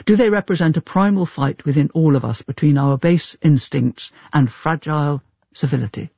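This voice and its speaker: A man's voice: a little high, normal speed, creaky, warm tone, breathy edge, dry recording, dull audio. A male interviewer asking long, articulate questions about a book. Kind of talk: literary interview.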